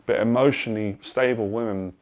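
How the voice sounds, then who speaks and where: A man's voice: on the low side, fairly even intonation, brisk. A man coaching on dating and confidence, talking straight to the camera in an earnest, emphatic way and repeating phrases for stress. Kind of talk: direct-to-camera advice monologue.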